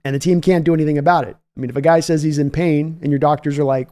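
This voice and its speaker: Male sports-stream host, fairly high and warm-toned, chatty and rambling. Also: steady tone, fast talker. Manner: chatty, rambling, restarts sentences. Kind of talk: live-stream sports talk, reading chat.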